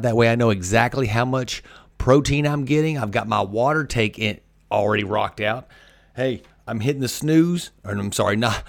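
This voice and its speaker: A man's voice: medium pitch, creaky, no echo, studio quality. A man hosting a podcast, talking energetically about discipline and repeating his key points for emphasis. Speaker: podcast host. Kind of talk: motivational podcast monologue.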